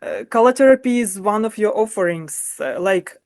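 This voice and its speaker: A woman's voice: medium pitch, expressive, normal speed, darkish tone, dry recording. A woman interview host asking her guest encouraging questions about her path. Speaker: podcast host.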